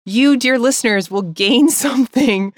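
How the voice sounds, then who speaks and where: A woman with a fairly high voice talks in a rambling, emotional way on a podcast, laughing often. She sounds tearful. The sound is dry and close, with no room echo. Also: unhurried. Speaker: podcast co-host. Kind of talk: casual heartfelt chat.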